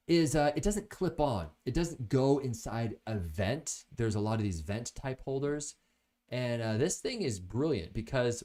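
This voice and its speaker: A man's voice: fairly low pitch, a little mellow. A man casually reviewing products in a chatty, joking way.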